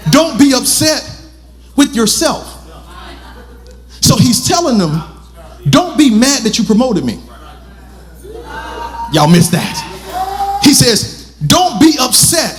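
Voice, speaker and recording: A man with a very high-pitched voice preaches in a church, his lines swelling into shouts and sung cadences as he calls out to the congregation. Faint music sits behind him. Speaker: pastor. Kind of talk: sermon. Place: church sanctuary.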